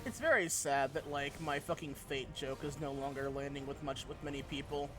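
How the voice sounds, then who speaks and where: A man's voice: medium pitch, moderate pace, over music. A young man streaming a game live, chatting casually, swearing freely and laughing often. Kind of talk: casual live-stream chat while gaming.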